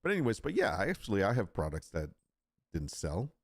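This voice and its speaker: A man chats casually on a live stream, rambling through asides and restarts. His low voice rises and falls in lively swings. The sound is dry and close, with no room echo. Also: a little fast. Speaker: live stream host, print-on-demand seller.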